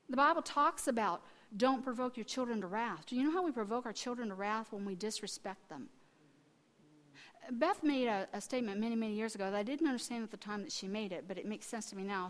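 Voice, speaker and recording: Animated woman preaching in a reverberant hall. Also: a little high. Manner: animated storytelling, acting out quotes with restarts. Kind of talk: sermon. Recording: long reverb of a large hall.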